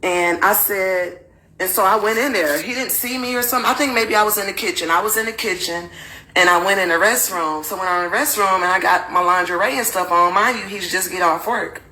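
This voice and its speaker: A woman's voice: mid-range voice, a little fast, rough recording. A woman telling her own story to viewers candidly and animatedly. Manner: animated, acts out quotes in raised voice.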